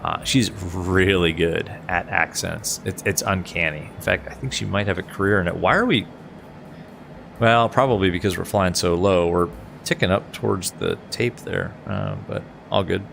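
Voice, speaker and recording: Gravelly low-voiced streamer guy. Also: steady tone, normal speed, fairly bright tone, faint music behind. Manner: chatty, laughs often, answers chat. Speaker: flight sim streamer. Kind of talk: casual live-stream chat.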